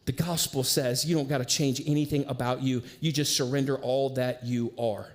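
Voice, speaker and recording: Male pastor, higher register, conversational sermon delivery, slangy, animated storyteller. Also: moderate pace, few pauses. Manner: casual, conversational preaching with slang.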